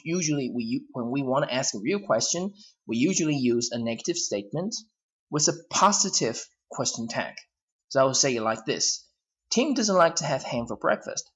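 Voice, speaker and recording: A man with a Hong Kong accent gives an English grammar lesson in a classroom style. He explains step by step, often restating himself. His voice moves up and down in a lively, animated way. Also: medium pitch. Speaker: English teacher.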